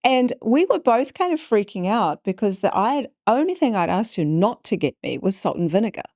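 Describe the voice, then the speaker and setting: Animated storytelling woman, dry sound. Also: mid-range voice, a little fast, dry recording. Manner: animated, acts out quoted voices. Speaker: podcast guest. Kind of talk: storytelling in conversation.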